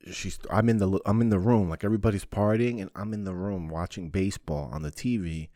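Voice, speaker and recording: Deep-voiced man telling rambling stories. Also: fairly quick, warm tone, dry recording, clean studio sound. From New Jersey, US. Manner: rambling, profane, jokey. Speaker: podcast host. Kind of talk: personal storytelling monologue.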